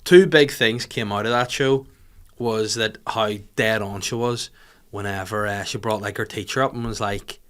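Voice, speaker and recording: A man hosting a podcast in a studio, chatting casually with animated, sweary, joking rants. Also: fairly low pitch, moderate pace. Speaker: podcast host. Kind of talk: casual comedic chat.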